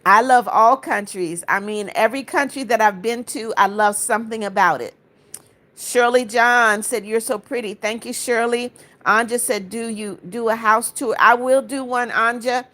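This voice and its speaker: Woman from Florida, livestream host, reads comments aloud, friendly replies, slightly high voice. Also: fairly even intonation, moderate pace, bright, forceful tone. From Florida, United States. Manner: reads viewer comments aloud and answers each one; friendly greetings and blessings to viewers. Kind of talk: casual livestream chat.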